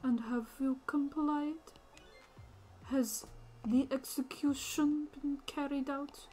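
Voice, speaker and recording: A woman's voice: sits high, fairly even intonation, faint music behind, voice pushed up. A woman voicing a menacing female caller in a Russian accent, in whispered role-play. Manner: hushed, slow, threatening.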